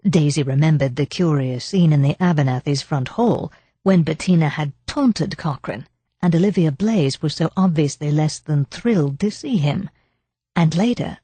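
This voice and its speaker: Woman audiobook narrator, low pitch, mellow tone, dry studio sound. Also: slightly rough, dry recording. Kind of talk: scripted narration.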